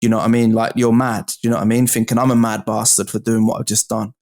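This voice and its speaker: A man, a podcast guest, telling his story in a casual, animated way, swearing freely and calling the host bro and mate. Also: lowish voice, quick pace.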